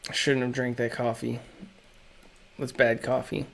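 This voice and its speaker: Slow, musing man. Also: medium pitch, flat delivery, vocal fry, a bit bright. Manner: slow, musing, self-critical asides. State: throat feeling off. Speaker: streamer drawing live. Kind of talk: casual live-stream chat while drawing.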